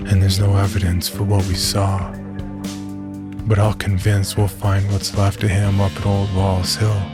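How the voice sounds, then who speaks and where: Low, even-toned male narrator for a creepy first-person tale; grim and measured, over a music bed.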